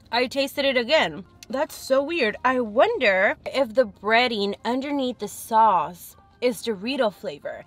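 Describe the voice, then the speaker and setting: A young woman chatting frankly and thinking aloud as she tastes food in a casual eating vlog. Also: fairly high pitch. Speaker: food vlogger.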